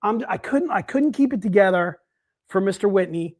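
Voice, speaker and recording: A man's voice: high voice, animated, moderate pace, a little mellow. A man hosting a live sales stream, chatting casually and upbeat, calling everyone "dude.". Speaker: livestream sales host.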